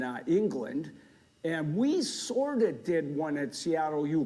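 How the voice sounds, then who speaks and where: An older man speaks on stage with a somewhat high voice. He tells his stories with great animation, voicing the sound effects and laughing along with the crowd. He is a gardening speaker in a humorous live talk. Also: darkish tone. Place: lecture hall before a live audience.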